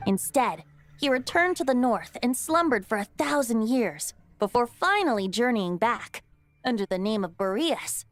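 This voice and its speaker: A woman voicing a boyish, lighthearted yet wise male bard god in a video game, telling old lore in a measured way. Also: a little high, animated, faint music behind, close to an everyday voice. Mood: solemn. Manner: storytelling, measured. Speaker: game character. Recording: dry studio game dialogue.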